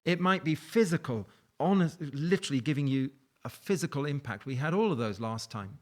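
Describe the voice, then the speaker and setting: A man's voice: on the high side, expressive, brisk. Man preaching in a lifted conversational tone. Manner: warm conversational preaching with light laughs. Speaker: pastor. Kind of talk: sermon.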